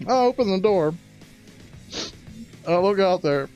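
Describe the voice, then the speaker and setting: A man telling a crude comic story, excitable and prone to loud rising outbursts. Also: high-pitched, a little slow, pauses often, smooth, highs cut off, soft background music. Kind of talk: stand-up storytelling.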